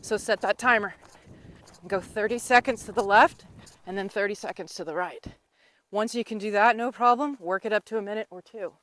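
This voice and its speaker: A woman's voice: medium pitch, moderate pace, a bit bright, no echo. A woman riding instructor teaching while she rides a horse outdoors in the wind, coaching in a teasing, encouraging way.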